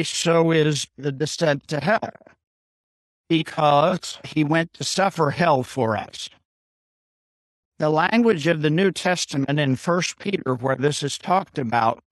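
A man's voice: fairly high pitch, no echo, poor audio. A man teaching a catechism class, who explains a Bible passage point by point and keeps checking with "Okay?".

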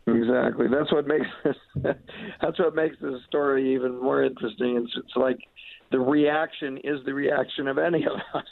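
A man's voice: medium pitch, fairly even intonation, normal speed, creaky. A man co-hosting a Bible discussion, reflecting thoughtfully in a casual conversational way. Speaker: Bible study podcast co-host. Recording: dry tinny phone-like line.

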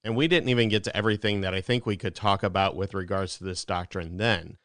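A male host talking in a relaxed, conversational, reflective way. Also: low-pitched, quick pace, no room sound, clean studio sound. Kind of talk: conversational radio-style talk.

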